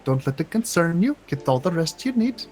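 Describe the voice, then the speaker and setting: Man playing a deferential adventurer, formal "sir" talker, animated. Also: fairly high pitch, brisk, soft background music. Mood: polite, flustered. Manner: formal and courteous, says "sir", nervous stammer. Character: Horton, an overly polite, deferential adventurer. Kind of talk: tabletop game role-play.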